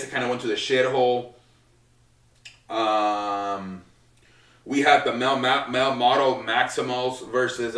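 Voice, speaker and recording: A man's voice: medium pitch, fairly bright tone. A man giving a casual, rambling recap as host, with lots of filler words and swearing. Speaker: wrestling show recap host. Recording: roomy echo, distant from mic.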